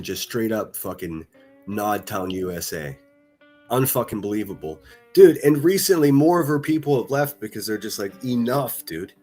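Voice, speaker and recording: A man's voice: lowish voice, a little mellow. A man from the northern United States ranting on a livestream, profane, mocking and combative.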